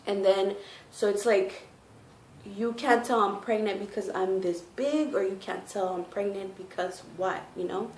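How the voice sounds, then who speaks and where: Chatty pregnant woman telling a story. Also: medium pitch. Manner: chatty, full of "like" and "you know". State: heavily pregnant. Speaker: vlogger. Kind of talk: casual storytime. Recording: echoey room with faint noise.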